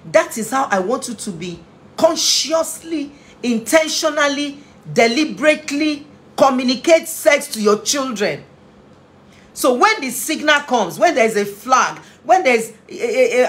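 A woman's voice: a little high, fairly bright tone. A woman giving an impassioned parenting talk as a family therapist, earnest and emotional, often repeating phrases for emphasis. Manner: emotional, pleading. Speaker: family therapist and inspirational speaker.

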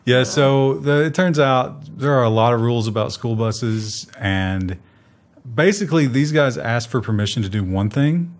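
A man with an ordinary mid-range voice co-hosts a casual tech news chat. He banters quickly and drops joking asides in a mocking tone. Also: medium pitch, expressive. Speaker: news show co-host.

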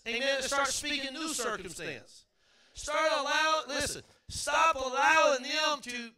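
Middle-aged male pastor, forceful bright tone, fervent call-and-response sermon in a church. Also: extremely high pitch. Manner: fervent preaching with call-and-response, at times shouting. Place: church sanctuary.

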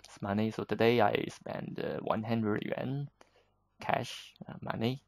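Slow, gravelly man teaching. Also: on the low side, steady tone, no room sound, low-quality recording. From China. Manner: unhurried, patient, slips between English and Chinese with frequent fillers. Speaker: Chinese teacher. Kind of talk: explaining vocabulary in a lesson.

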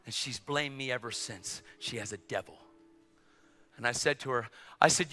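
A man preaching a storytelling sermon in a church or event hall, animated and swinging from hushed asides to shouts. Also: medium pitch, moderate pace, long pauses. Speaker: evangelist preacher. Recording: echoey hall with faint music.

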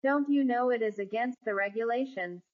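Woman voicing a scolding, indignant gentleman passenger. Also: a little high, a little fast, lightly acted. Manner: stern, scolding. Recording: dull lo-fi recording.

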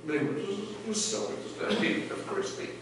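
Delivering a heartfelt, reflective eulogy for a family member, a middle-aged man speaks in a high, somewhat bright voice with big pitch swings at normal speed. Light laughter surfaces, and the funeral chapel recording is echoey, distant, and noisy.

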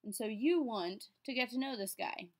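A woman giving a French lesson to her class. She is upbeat and encouraging, and slows right down to sound out each French word clearly. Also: a little high, lively intonation, darkish tone. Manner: patient, slows down to enunciate French words. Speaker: French teacher.

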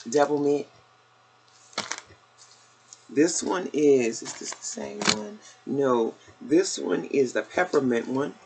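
A woman's voice: very deep voice, expressive, slow, creaky, long pauses, darkish tone, a little hiss or hum, rough recording. An older woman vlogger chatting casually through a shopping haul, a little out of breath, calling her viewers y'all. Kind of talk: casual haul video chat.

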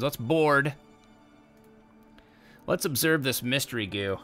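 A young man commentating a game he is playing, his voice very bright and smooth. He talks casually and gets excitable, breaking into loud exclamations, with faint game music underneath. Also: mid-range voice, a little slow, long pauses. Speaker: gameplay commentator. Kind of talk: casual let's-play commentary.

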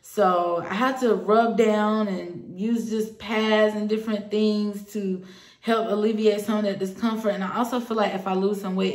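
A woman's voice: medium pitch, a little mellow. A young woman talking casually to her viewers in an earnest, personal and hopeful way. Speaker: vlogger. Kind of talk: casual talk to camera. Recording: echoey room.

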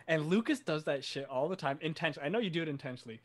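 A man co-hosting a casual podcast chat, blunt and laughing often, swearing freely as he vents. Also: a little high. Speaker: podcast co-host.

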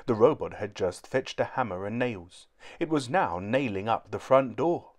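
A man reading a children's book aloud in a clear, steady storytelling manner. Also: mid-range voice, moderate pace.

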